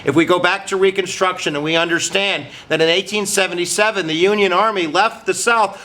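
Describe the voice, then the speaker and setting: A man's voice: sits high, a little fast, hardly any pauses, pushed and bright. A man hosting a history lesson channel, talking to viewers in an upbeat, jokey, casual way. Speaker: history teacher host.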